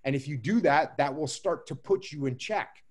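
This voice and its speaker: A man answering interview questions about leadership in a measured, emphatic way, often repeating key phrases. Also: a little high, husky. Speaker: guest speaker on leadership.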